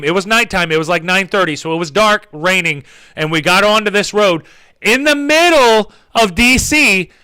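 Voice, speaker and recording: A young man hosting his own show, telling a story in a casual, rambling way that gets animated and sweary. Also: high voice. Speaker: podcast host.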